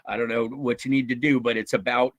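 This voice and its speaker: Man, guest speaker, animated, restarts a lot, medium pitch, dry close sound. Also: a little fast, no echo, low-quality recording. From United States. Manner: animated, chuckling, with many restarts and acted-out quotes. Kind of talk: informal talk answering audience questions.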